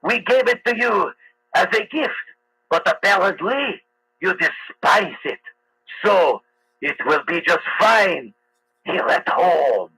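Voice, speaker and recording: A man's voice: high-pitched, expressive, slow, vocal fry, pauses often, sharp tone, slight background noise, full character voice, rough recording. A man voicing a pompous French politician in a comic, put-on French accent, exaggerated and drawn out. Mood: mock indignant. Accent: comic fake French accent.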